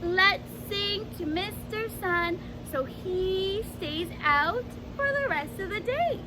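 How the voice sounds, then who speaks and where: A Canadian woman leading a children's program outdoors, singing hello songs and giving slow, clear, encouraging instructions for toddlers. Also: extremely high pitch, very noisy. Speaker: early years program facilitator. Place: outdoors in a backyard.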